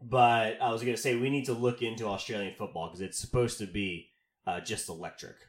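A Texan-raised podcast host chats loosely, stringing his stories together with lots of "like" and "um". His voice sits at a middle pitch. It comes through with a roomy echo. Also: fairly even intonation, a little fast. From Texas. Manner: rambling storyteller, filler-heavy. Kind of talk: casual chat.

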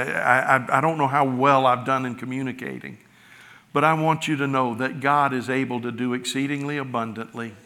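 A middle-aged male pastor preaching a sermon, swelling loud on key words and then dropping soft. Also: mid-range voice, gravelly. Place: large church sanctuary. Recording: church hall reverb.

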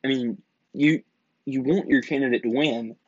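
A man's voice: medium pitch, moderate pace, a little mellow, breathy edge, no echo. A young man hosting a podcast, delivering an indignant, argumentative political monologue full of rhetorical questions. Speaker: podcast host. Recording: dull, dry lo-fi audio.

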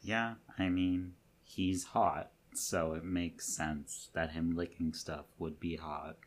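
A woman's voice: a bass voice, fairly even intonation, slow. A woman co-hosting a podcast, chatting casually with dry, teasing asides. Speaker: podcast co-host. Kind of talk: casual chat.

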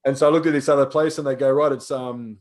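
A man's voice: mid-range voice, steady tone, fast, a little mellow. A young man, a personal trainer, telling stories in casual chat, swearing freely and acting out the lines of people he quotes.

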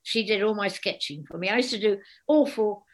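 An older woman, a guest author chatting in an interview, an animated storyteller who acts out the voices of people she quotes. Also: medium pitch, fairly quick. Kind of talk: casual interview chat.

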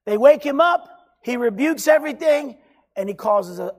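A preacher delivering an emphatic sermon, swinging between loud exhortation and hushed, quiet passages. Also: high-pitched, lively intonation, normal speed.

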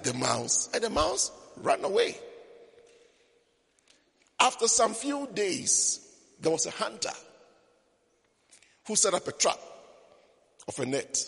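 Man preaching, storytelling, joking asides, husky gravelly voice, long hall echo. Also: on the high side, fairly bright tone. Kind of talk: sermon. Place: church service.

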